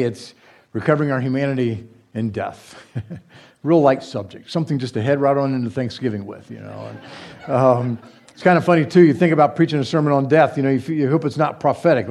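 A man's voice: medium pitch, a little fast, darkish tone. A man who is a pastor, giving a conversational sermon with fillers, restarts and light joking asides.

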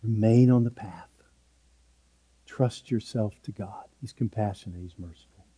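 A man's voice: lowish voice, a little slow, dark tone, slightly rough, big-room sound. A man preaching a sermon as pastor, earnest and emphatic, driving points home with repeated short phrases.

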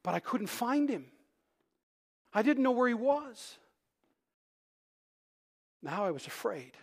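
A man preaching a sermon, telling a personal story with animated delivery that swings between loud bursts and hushed tones, sometimes restarting words. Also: extremely high pitch, takes it slowly. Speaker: pastor.

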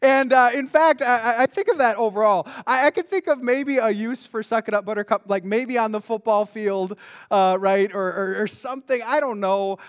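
A pastor with a strikingly high voice delivers his sermon like a chat. He tosses out rhetorical questions and trips into quick restarts as he goes. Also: clean tone. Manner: conversational, animated, with frequent restarts and rhetorical questions.

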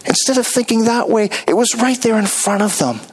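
A pastor preaching a sermon, telling the story with animated delivery and acting out the characters. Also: male voice, high-pitched, fairly quick, slightly rough, poor audio.

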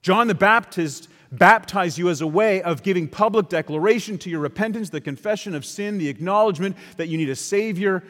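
Male preacher, slightly high voice, emphatic sermon delivery with casual asides, long hall reverb. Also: brisk, few pauses, fairly bright tone. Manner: emphatic, with conversational asides to the congregation.

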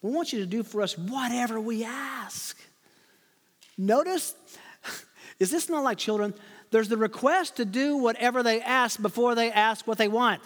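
A man preaching an expository sermon as pastor, swinging between loud rhetorical questions and hushed asides. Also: very high voice, a little slow, in a large hall.

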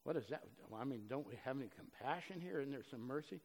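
A man preaching a sermon earnestly, swinging between loud emphasis and soft, low passages. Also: expressive, fast. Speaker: pastor. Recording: long reverb of a hall.

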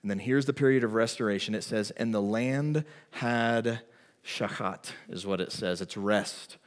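Pastor preaching in a reverberant hall. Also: male voice, on the low side, a little slow. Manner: storytelling, animated and emphatic. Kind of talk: sermon.

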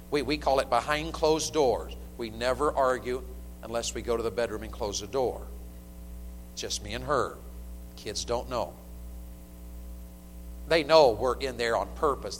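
Animated preaching man in a reverberant hall. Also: mid-range voice. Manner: animated preaching, swings from loud to hushed. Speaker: pastor. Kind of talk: sermon. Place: church sanctuary. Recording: long hall reverb, faint hum.

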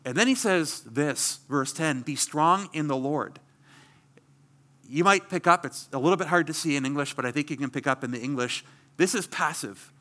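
A man's voice: on the high side, normal speed, a bit bright. A middle-aged man preaching a sermon as pastor, earnest and emphatic, asking rhetorical questions.

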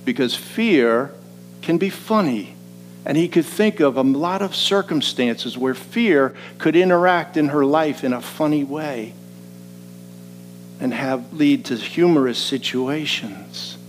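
A man preaching a sermon. He moves between quiet, slow reflection and rising, emphatic passages. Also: a little high, faint music behind, poor audio. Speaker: pastor.

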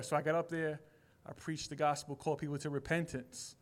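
Man in his forties giving an earnest church testimony, plain-spoken, rising to conviction, slightly high-pitched. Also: level tone, fast. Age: 40s. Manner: heartfelt, casual street speech, grows emphatic. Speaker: church member sharing a testimony. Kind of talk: personal testimony.

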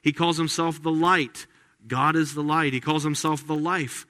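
A man preaching a sermon as pastor, animated, acting out quoted lines in lively voices. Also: fairly high pitch, normal speed. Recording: long hall reverb.

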